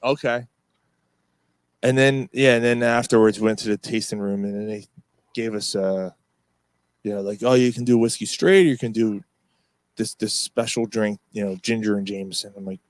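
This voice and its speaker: A man's voice: fairly low pitch, steady tone, normal speed, no room sound. A man co-hosting a podcast, telling stories in a rambling way with lots of fillers and swearing. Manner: rambling storyteller, swears often, many fillers. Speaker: podcast co-host. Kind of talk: casual pub-style chat.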